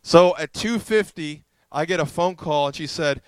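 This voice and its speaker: A male pastor telling a story in a sermon, animated and self-deprecating, acting out what others said to him. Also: on the high side, moderate pace, clear, resonant tone, no room sound.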